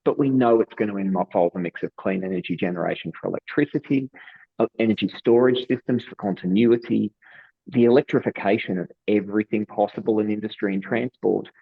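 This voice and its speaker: A deep, husky Australian man delivers prepared remarks as a webinar panelist in a measured, steady way. His voice comes through dull, lo-fi online call audio. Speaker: panelist, industry economist.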